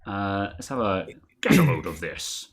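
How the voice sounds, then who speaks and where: A man's voice: lowish voice, sing-song, a little slow, breathy edge. A man co-hosting a casual tech stream over a video call, rambling and correcting himself as he reads viewer comments. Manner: rambling, self-correcting, chuckles often. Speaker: tech podcast co-host reading super chats.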